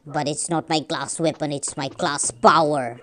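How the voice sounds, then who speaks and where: Casting: a low-pitched woman, slow, rambling gameplay commentary. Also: fairly even intonation, a bit bright, a little hiss or hum. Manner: rambling, repeats itself and corrects its own slips. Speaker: gamer.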